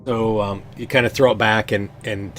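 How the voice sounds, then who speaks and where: A man narrating as game master of a tabletop game, relaxed and halting with many fillers. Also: fairly low pitch, soft background music.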